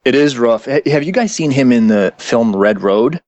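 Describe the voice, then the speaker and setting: A man's voice: mid-range voice, expressive, moderate pace, a little mellow, dry recording, highs cut off. A man who is a guest actor on a casual podcast interview, telling stories and laughing often.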